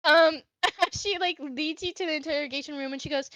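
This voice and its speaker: A woman's voice: high-pitched, a little fast, bright, forceful tone, no echo, poor audio. A young woman narrating a tabletop game as game master, chatty with many fillers.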